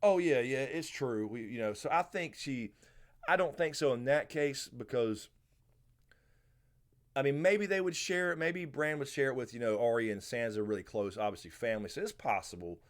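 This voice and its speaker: A medium-pitched man with a Southern American accent hosts a relaxed live Q&A at a moderate pace. He rambles casually and addresses chat messages by calling out viewers' names.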